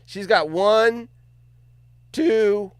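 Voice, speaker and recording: A man hosting a casual livestream, reading viewer comments out loud, joking around and swearing freely. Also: sits high, extremely slow, clean tone, no room sound, clean studio sound. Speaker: livestream host.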